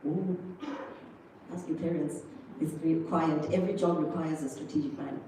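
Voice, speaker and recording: A woman's voice: low-pitched, fairly even intonation, moderate pace, warm tone, a little hiss or hum. A South African woman giving a chatty motivational speech at a school prize-giving, talking straight to the audience. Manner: chatty, addresses the audience directly, acts out others' voices. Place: school hall. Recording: echoey hall, distant microphone.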